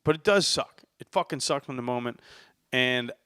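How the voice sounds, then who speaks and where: A man's voice: medium pitch, normal speed, fairly bright tone, clean tone, dry recording, studio quality. Profane, worked-up male podcast host. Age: adult, says he is older now. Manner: profane, worked-up sports venting. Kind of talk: casual solo podcast rant.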